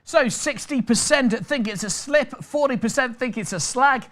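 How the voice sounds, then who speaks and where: A man's voice: very high voice, moderate pace, fairly bright tone. A British man hosting a live online quiz, reading out questions and answer options with chatty, jokey patter. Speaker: quiz master.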